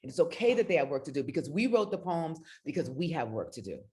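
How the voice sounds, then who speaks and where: Middle-aged woman poet, lively pitch over a lowish voice, earnest and near tears, on a video call. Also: fast talker. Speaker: spoken word poet. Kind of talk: casual talk on a video call.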